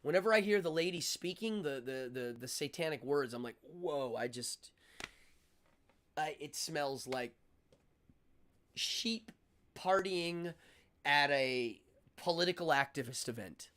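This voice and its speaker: Out of breath, a man hosts a casual livestream chat, rambling and offering opinions with lots of fillers and restarts. His voice is on the high side, expressive and fairly bright, a little slow, with long pauses.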